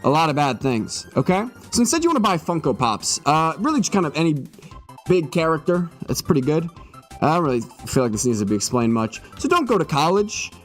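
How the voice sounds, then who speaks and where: A young male streamer with a raised, lively voice that swings up and down constantly. He jokes and swears through a mock-serious spiel. He sounds a little tipsy, with faint music behind him. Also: a little high, brisk. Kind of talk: comedic live-stream monologue.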